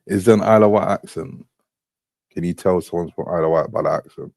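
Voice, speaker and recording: A man's voice: low voice, fast, gravelly, a little mellow, no room sound. A man chatting casually, curious and asking question after question. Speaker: podcast co-host. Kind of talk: casual banter.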